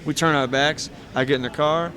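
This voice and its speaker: A man's voice: a little high, fairly even intonation, fairly quick, crowd noise. A man, a professional wrestler, telling rambling, heartfelt stories with laughs between them in a casual interview.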